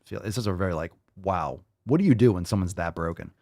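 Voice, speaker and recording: A man's voice: low-pitched, fast, darkish tone, dry recording. A man hosting a podcast, ranting casually with heavy swearing and repeating phrases for emphasis. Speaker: podcast host.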